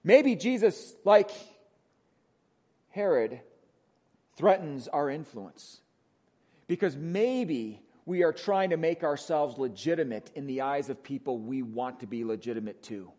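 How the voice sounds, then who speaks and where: A man with a Wisconsin accent preaching a sermon as pastor, conversational, often asking "right?", moving between emphatic lines and hushed ones. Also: on the high side, lively intonation, unhurried. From Wisconsin, USA.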